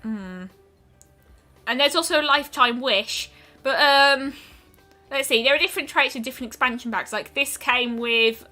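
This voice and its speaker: A woman talking her way through a game stream with a bright, slightly high voice. She muses aloud, often pausing on an "um" before finishing a thought, while soft game music plays behind her. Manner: chatty and musing, trailing off with frequent ums. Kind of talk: casual gameplay commentary.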